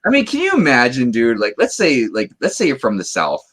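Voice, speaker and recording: A man's voice: mid-range voice, wildly swooping pitch, brisk, fairly bright tone, husky, rough recording. A man co-hosting a livestream, chatting and bantering playfully. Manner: bantering, playful, swings his voice widely. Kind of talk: casual chat on a livestream.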